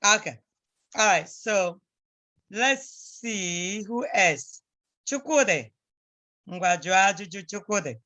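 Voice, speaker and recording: A woman's voice: mid-range voice, animated, slow pace, long pauses, a bit bright. A woman teaching a language class over a video call, patiently repeating phrases for her students to copy. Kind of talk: online class instruction.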